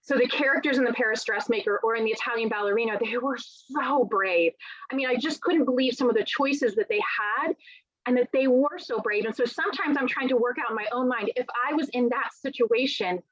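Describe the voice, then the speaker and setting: A middle-aged woman author in a conversational interview, telling lively stories and acting out quoted dialogue. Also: a little high, brisk, no room sound. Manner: animated storyteller, acts out quoted dialogue. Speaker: author guest. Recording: dull, lo-fi sound.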